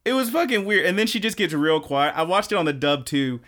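A man's voice: sits high, expressive, a little fast, a bit bright. A young man co-hosting a podcast, recapping an anime in casual, rambling chat and laughing often. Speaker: podcast co-host.

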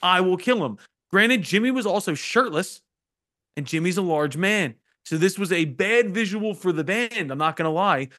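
A man's voice: high voice, lively intonation, normal speed, pushed and bright. A man hosting a podcast, telling loose, profane stories in casual chat. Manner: loose, profane storytelling with laughs. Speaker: podcast host.

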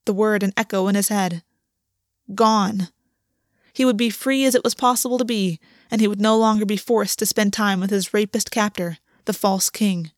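A woman reads scripted fiction aloud as an audiobook narrator, her measured, steady voice at a middle pitch for a woman. The recording is dry and close, with no room sound.

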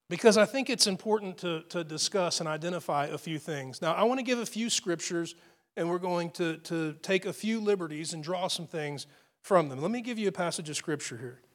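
A male pastor delivering a sermon in a high, bright-pitched voice. He speaks earnestly to his congregation, building to emphatic swells and then falling back to soft, quiet asides.

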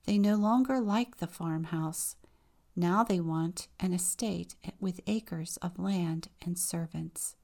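A woman's voice: on the low side, slow pace, creaky, a little mellow. A woman voicing a shy, kind and humble peasant girl.

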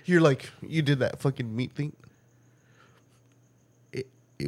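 A man co-hosting a podcast in casual chat, profane and laughing often, breaking into quick mocking impressions. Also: mid-range voice, darkish tone. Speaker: podcast co-host.

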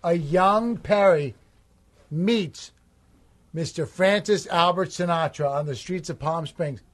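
A man's voice: a little high, slow pace. A man directing improv scenes on a comedy podcast, giggly and upbeat.

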